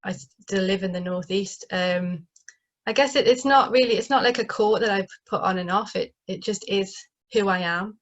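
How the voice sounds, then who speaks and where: A woman's voice: medium pitch, moderate pace, lo-fi sound. A woman from northeast England with a northeast English accent, a playwright talking casually in an interview, chatty and full of fillers and restarts, heard over a video call. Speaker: playwright guest.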